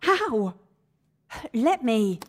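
A woman's voice: on the high side, big pitch swings, extremely slow, full character voice. An actress playing an anxious woman trapped in a sauna, talking in a frantic, panicky way in an audio drama. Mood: panicked. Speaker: sauna customer.

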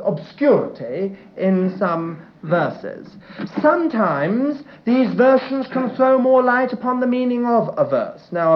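Male Bible teacher, expressive delivery, dull lo-fi sound. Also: high voice, a little hiss or hum. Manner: measured, reads scripture aloud with enthusiastic asides. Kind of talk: sermon-style Bible teaching. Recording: dull lo-fi recording in an echoey room.

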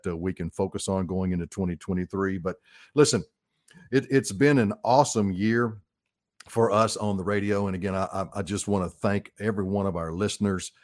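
A man's voice: low voice, fairly even intonation, moderate pace, darkish tone, no echo, clean studio sound. Folksy Arkansas man hosting radio. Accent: Arkansas Southern. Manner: folksy, upbeat, often says folks. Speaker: radio show host, financial advisor. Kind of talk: radio talk show monologue.

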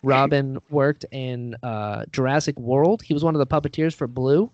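A man's voice: mid-range voice, normal speed, dry recording, highs cut off. A man, an actor and writer being interviewed, talking casually and rambling with lots of fillers, a little self-deprecating.

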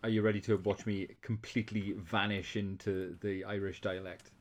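A man's voice: fairly low pitch, little pitch movement, normal speed, a crowd in the background. A man co-hosting a podcast, chatting casually with a joking, playful manner and some swearing. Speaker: podcast co-host. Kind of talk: casual chat.

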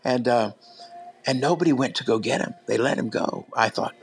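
A man's voice: mid-range voice, moderate pace, low-quality recording. A big man preaching, telling stories conversationally with many fillers and restarts. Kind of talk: sermon storytelling.

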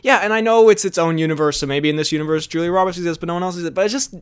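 A young man co-hosting a podcast, ranting in an animated, opinionated way and breaking into giggles. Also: high-pitched, rapid-fire, clear, resonant tone. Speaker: podcast co-host. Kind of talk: casual chat.

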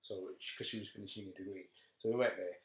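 A man's voice: low voice, steady tone, fast talker. Rambling man in an echoey room. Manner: laughing, rambling storyteller. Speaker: podcast co-host. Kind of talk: casual chat. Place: home room.

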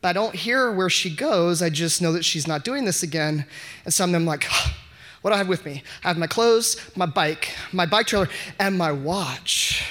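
Animated man telling a live story. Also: high-pitched, normal speed. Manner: animated, self-mocking, laughs often. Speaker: audience member telling a story. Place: live event before an audience.

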